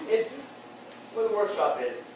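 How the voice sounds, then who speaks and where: A man doing stand-up storytelling on stage, rambling and halting, with many fillers and restarts. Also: sits high, big pitch swings. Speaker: stand-up comic. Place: beer hall comedy stage. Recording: very echoey hall, distant mic, faint noise.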